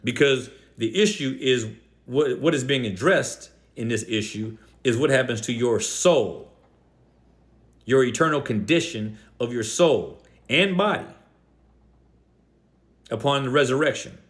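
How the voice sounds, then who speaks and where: Male host, mid pitch, rebuttal straight to the camera, combative, slow heavy stress on key words. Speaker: Christian apologetics video host. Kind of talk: direct-address rebuttal.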